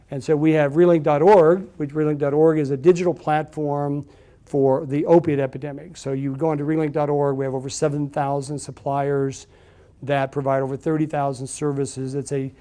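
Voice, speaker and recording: A man's voice: on the high side, warm tone. A middle-aged man giving a storytelling talk to a live audience, chatty and anecdotal with frequent fillers and restarts. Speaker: speaker at a business event.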